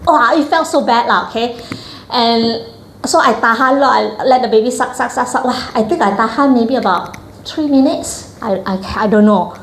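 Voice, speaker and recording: A middle-aged woman with a Malaysian English accent tells a personal story to an audience in an animated way, often acting out quoted voices. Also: on the high side, normal speed, a little hiss or hum. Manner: animated, acts out quoted voices, frequent "lah". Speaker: breastfeeding coach. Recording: echoey hall.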